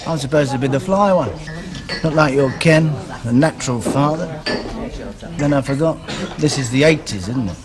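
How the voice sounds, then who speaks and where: A man's voice: mid-range voice, moderate pace, close to an everyday voice. An actor playing a rueful working man in a soap opera. He talks in a self-mocking, wry way.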